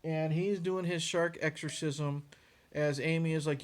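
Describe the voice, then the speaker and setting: A man's voice: on the high side, little pitch movement, moderate pace. A man giving a casual, sarcastic, profane rant reviewing a movie, sounding exasperated and mocking. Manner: sarcastic, exasperated, swears freely.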